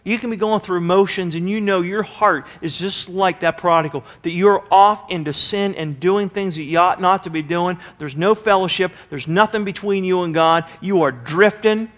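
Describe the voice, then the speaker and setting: A man preaching a sermon as pastor, passionate and animated, acting out the people in his story. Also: high-pitched, normal speed, few pauses. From United States. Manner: impassioned preaching, acting out quoted voices.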